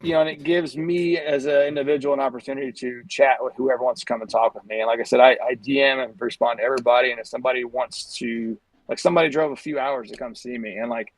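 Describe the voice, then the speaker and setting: A man chats loosely as a podcast guest, his thoughts running on with many fillers. His voice is dry and a little distant from the microphone. It sits at a middling pitch for a man. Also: fairly even intonation, fast talker, hardly any pauses, no echo. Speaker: guest, brand ambassador. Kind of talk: casual podcast chat. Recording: dry sound, a bit far from the mic.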